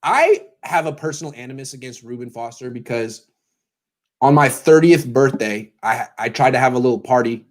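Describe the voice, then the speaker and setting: A sports blogger from California in his thirties hosts a casual pregame show, speaking at a moderate pace with an expressive, medium-pitched voice. He tells stories full of sarcastic asides and mock voices.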